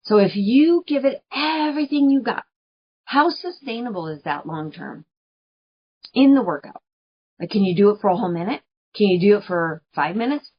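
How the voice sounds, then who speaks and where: A woman's voice: mid-range voice, very animated, normal speed, slightly rough. A woman hosting a podcast, talking earnestly in a chatty coaching monologue, laughing often and repeating phrases for emphasis. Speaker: podcast host. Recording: dull lo-fi recording.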